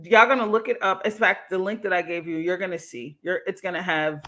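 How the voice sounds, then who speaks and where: A woman's voice: fairly low pitch, steady tone, brisk, fairly bright tone. A woman hosting a livestream, reacting to a clip in a casual, slangy way and laughing often. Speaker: livestream host.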